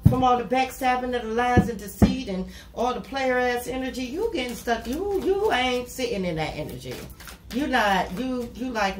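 A woman with a slightly high voice gives a tarot reading straight to camera. She talks bluntly and casually, swears freely and leans on "you know". Her voice rings around a hollow-sounding room over a clear hiss. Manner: blunt, profane and talkative, with repeated "you know". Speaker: tarot reader. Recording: echoey room with steady noise.

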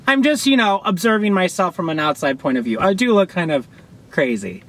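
A young man reacting to a music video from his car, gushing and sassy, with loud outbursts and laughter. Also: high voice, lively intonation, moderate pace, slight background noise. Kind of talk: excited reaction commentary. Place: in a parked car outdoors.

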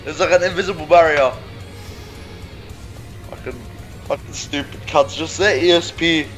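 A man's voice: fairly high pitch, normal speed, fairly bright tone, soft background music. A man in casual gaming chat, swearing a lot and rambling in loose rants. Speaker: gamer.

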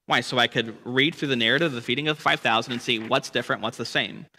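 A man's voice: medium pitch, fast talker, bright, forceful tone, long reverb tail. A man leading a church Bible study lesson, explaining the text and asking rhetorical questions with frequent "right?". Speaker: Bible teacher.

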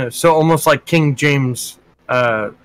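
Guy playing a tabletop game, talks really slow, hesitant, stumbles and restarts. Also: a little high, a bit bright, no echo. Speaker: player.

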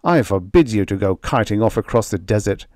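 A man's voice: on the low side, lively intonation, brisk, a little mellow, dry recording, studio quality, lightly acted. A man voicing a defensive, stubborn rancher husband in an audiobook reading. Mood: angry.

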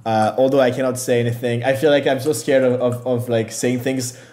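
Male founder guest, mid-pitch, halting delivery full of "like" and restarts. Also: little pitch movement, darkish tone. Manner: hesitant, filler-heavy, self-deprecating. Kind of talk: casual interview answers.

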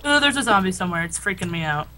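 A woman's voice: on the low side, animated, very fast, bright, forceful tone, slight background noise, rough recording. A woman playing a co-op game with a partner, chatting casually and reacting to the game in a jumpy, playful way. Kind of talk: casual gameplay chat.

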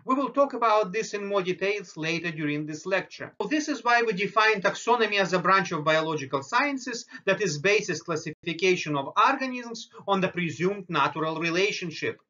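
High, bright-voiced male biology lecturer. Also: expressive, highs cut off. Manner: explanatory, slow and deliberate on terms. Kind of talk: recorded lecture over slides.

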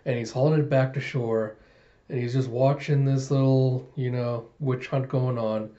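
A man casually reviewing a comic chapter, retelling scenes with chuckles and animated voices, on a slightly dull recording. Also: mid-range voice, moderate pace. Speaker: manga reviewer.

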